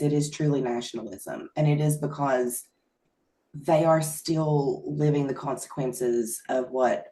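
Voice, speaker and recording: A woman's voice: rumbling low, reverberant. A woman with an Appalachian accent, chatting animatedly as a podcast co-host and telling stories with easy laughter. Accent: Appalachian American. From Appalachia, USA. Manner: animated storyteller, laughs easily. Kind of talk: casual chat.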